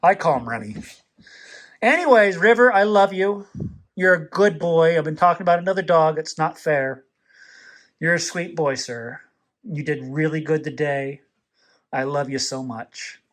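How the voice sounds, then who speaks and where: Brief: male shelter volunteer, casual and tender, laughs easily, a bit higher than most men. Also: moderate pace, pauses often. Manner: affectionate, rambling, laughs often, soft night-night goodbyes. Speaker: animal rescue volunteer. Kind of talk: casual bedtime vlog to shelter dogs. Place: animal shelter kennel at night.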